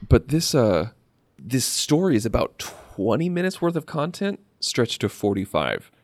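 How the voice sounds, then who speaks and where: A man's voice: mid-range voice, sing-song, unhurried, no echo. A man co-hosting a podcast in casual chat, rambling with fillers and restarts. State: slight cough. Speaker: podcast co-host.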